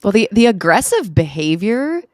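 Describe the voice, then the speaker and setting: A woman hosting a podcast interview, calmly summarizing what her guest has described. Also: medium pitch, moderate pace, no room sound, studio quality. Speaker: podcast host. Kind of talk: interview questions.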